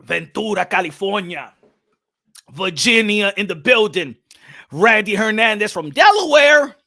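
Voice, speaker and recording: A loud, hyped man hosts a boxing live stream in a very high, bright voice. He shouts out viewers, curses freely and drops in the odd Spanish phrase. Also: expressive, measured pace. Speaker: boxing channel host.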